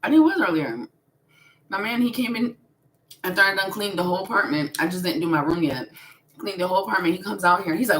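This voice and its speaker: A low-voiced woman talking in on a casual live stream. She is blunt and swears freely, and she breaks into laughter often. A faint hiss sits under the recording. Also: lively intonation, fast, fairly bright tone. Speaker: spiritual vlogger.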